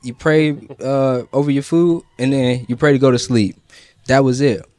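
A man co-hosting a faith podcast, talking in a relaxed, slangy, conversational way. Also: mid-range voice, normal speed, dry recording. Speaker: podcast co-host. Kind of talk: casual chat about prayer.

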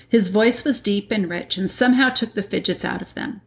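A woman reads a classic children's novel aloud with measured, deliberate pacing. Her voice sits at an ordinary middle pitch. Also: gravelly. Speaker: reader. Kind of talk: audiobook narration.

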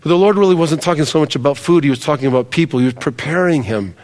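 Middle-aged male pastor, chatty sermon to the congregation, slightly high voice, long hall reverb. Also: fast talker, darkish tone. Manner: conversational preaching, addresses congregation directly.

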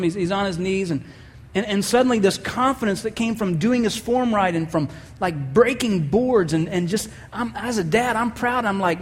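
Man, pastor, sermon, high voice, storytelling, acts out quotes, long hall reverb. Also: slightly rough.

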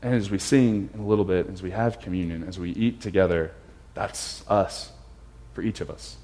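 A male pastor preaches a reflective sermon with a low voice. He repeats his phrases for emphasis and often drops to a quieter tone. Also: moderate pace.

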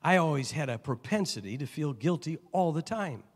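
A man's voice: on the high side, expressive, fairly quick. Preaching man from Chicago in a hall. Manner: storytelling with acted-out dialogue, swinging between loud and hushed. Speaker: pastor. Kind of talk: sermon. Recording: long reverb of a large hall.

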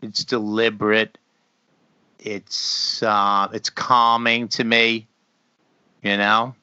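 A man's voice: lowish voice, flat delivery, slow, sharp tone, smooth, no echo. A man in casual chat, talking in a laid-back, rambling way and chuckling between remarks. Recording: slightly dull lo-fi recording.

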